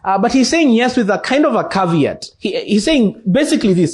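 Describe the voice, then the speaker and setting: A man with a Kenyan English accent preaching an expository sermon in church, slow and deliberate, repeating key phrases for emphasis. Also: high-pitched, very animated. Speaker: pastor.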